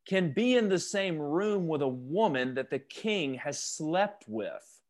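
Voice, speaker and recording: A man's voice: a little high, animated, a little slow. A man leading a youth Bible study over a video call, questioning the group and joking as he teaches.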